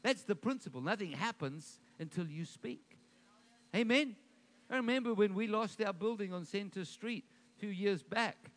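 A man's voice: high-pitched, lively intonation, normal speed. A man preaching a sermon as pastor, emphatic, with call-and-response to his congregation.

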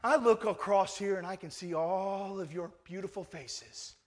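A man's voice: high voice, moderate pace. A male pastor preaching a sermon in a conversational, emphatic way, full of rhetorical questions.

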